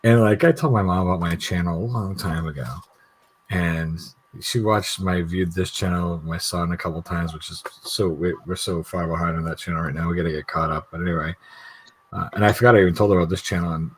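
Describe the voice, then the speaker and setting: A man's voice: sits low, steady tone, fairly quick, slightly rough, rough recording. A middle-aged man rambling and laughing in casual chat on a video call, swearing freely. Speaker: guest YouTube creator.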